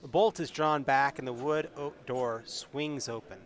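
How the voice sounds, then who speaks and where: A man's voice: medium pitch, fairly even intonation, measured pace. A man streaming a solo tabletop adventure, reading its text aloud and adding wry asides. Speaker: solo game player and streamer.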